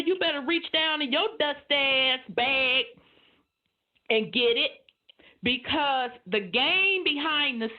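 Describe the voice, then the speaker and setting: A woman with a fairly high voice talks bluntly and swears freely. Her audio sounds muffled and low in fidelity, as if recorded on a modest setup. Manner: blunt and profane, emphatic. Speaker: podcast co-host. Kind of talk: casual opinionated chat.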